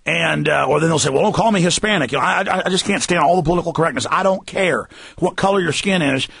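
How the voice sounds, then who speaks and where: A male radio host rants emphatically, his voice pitched high with a husky, gravelly grain. He is heard dry and close on the mic, and he pushes hard into his points, sometimes rising to a shout. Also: fast, no room sound. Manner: emphatic, ranting, raises voice to a shout. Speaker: radio talk show host. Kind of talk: heated talk radio rant.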